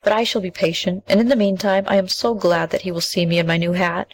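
A woman's voice: on the low side, steady tone, fast, rough recording. Woman doing a kind, earnest village girl. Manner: earnest, polite.

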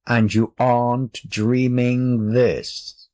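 A sly male cat from a storybook, smug and teasing, as a man reads him aloud. He drawls his words at a very slow, relishing pace. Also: mid-range voice, little pitch movement, mellow.

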